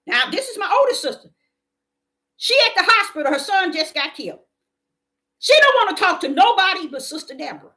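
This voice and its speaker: A woman gives an impassioned sermon mixed with personal testimony, and her voice rides high and bright. She repeats key phrases for emphasis. She rises to loud declarations, then drops into hushed storytelling. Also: big pitch swings, a little fast. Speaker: self-described prophetic preacher.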